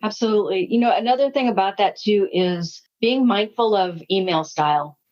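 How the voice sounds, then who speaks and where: A woman's voice: mid-range voice, normal speed. Woman telling workplace stories. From United States. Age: 60s. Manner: anecdotal, animated, acts out quoted dialogue. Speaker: leadership consultant guest. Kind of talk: storytelling interview talk. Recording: slightly muffled audio.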